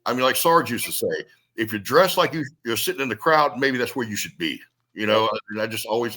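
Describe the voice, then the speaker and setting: A man telling blunt, salty wrestling stories in casual talk. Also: medium pitch. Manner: blunt, salty, animated storyteller. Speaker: retired wrestler guest. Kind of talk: casual storytelling chat.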